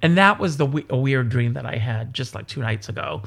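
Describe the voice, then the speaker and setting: A man from South Carolina, a stage performer and guest, chatting casually and telling rambling, animated stories. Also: mid-range voice, brisk, creaky. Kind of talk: casual interview chat.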